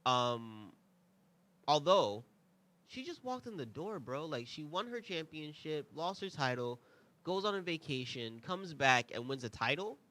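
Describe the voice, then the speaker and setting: A man's voice: on the high side, unhurried. A young man hosting a review show, talking casually and with strong opinions, full of asides and rhetorical questions. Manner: animated, rambling, conversational asides. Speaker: podcast host.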